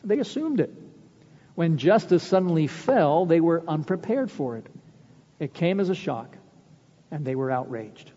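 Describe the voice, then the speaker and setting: A man preaching a sermon, telling stories with earnest weight and slowing down to stress key words. His voice is mellow and dark, though a little higher than most men's. The recording sounds dull and lo-fi, with a long church reverb trailing each phrase. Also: expressive. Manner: earnest storytelling preacher, slows for emphasis. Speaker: pastor. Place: church sanctuary.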